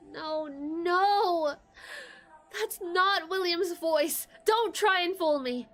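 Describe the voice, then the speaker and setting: A woman voicing a grieving ghost mother, speaking softly and mournfully, pleading with a faint quaver. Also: high-pitched, gravelly, exaggerated voice.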